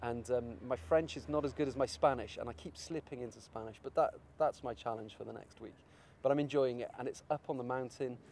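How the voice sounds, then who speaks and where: A man's voice: mid-range voice, fairly quick, vocal fry, hardly any pauses, darkish tone, a little hiss or hum. A man artist talking in a casual interview, rambling and searching for his words.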